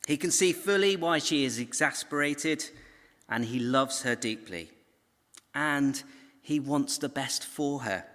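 A man's voice: mid-range voice, expressive, unhurried, fairly bright tone. A man giving a recorded Bible teaching talk, telling the story conversationally with asides to his viewers. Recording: long hall reverb.

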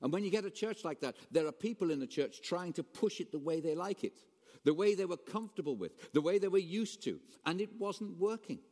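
A man preaching a sermon as pastor, animated, swinging between raised emphasis and quiet asides. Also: high voice, fairly quick. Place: church hall. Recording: long reverb of a church hall.

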